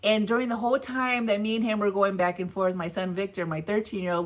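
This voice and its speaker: A woman in her forties, a hotshot trucking business owner, casually retelling a tough rate negotiation in a lively, firm and blunt way, often laughing. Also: medium pitch, brisk, hardly any pauses. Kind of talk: casual storytelling vlog.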